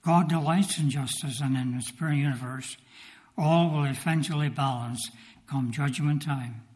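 A man preaching a sermon in a measured, earnest way, reciting scripture and hymn lines, then leading a prayer. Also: mid-range voice, a little mellow.

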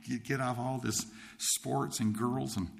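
A man's voice: mid-range voice, steady tone, measured pace, creaky. A man from Nova Scotia telling his life story as a testimony, rambling with many restarts and repeated words. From Nova Scotia, Canada. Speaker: speaker sharing his testimony.

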